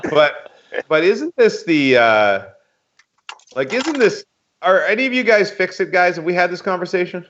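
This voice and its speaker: A man's voice: high-pitched, very animated, moderate pace, fairly bright tone, lo-fi sound, slight background noise. A man co-hosting a casual podcast, telling stories about himself and laughing often. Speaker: podcast co-host.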